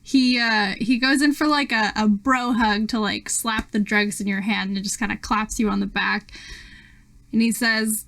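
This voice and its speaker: A woman's voice: mid-range voice, steady tone, normal speed, a bit bright. Casual young woman game master. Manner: casual, loose narration with fillers. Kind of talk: narrating a tabletop game.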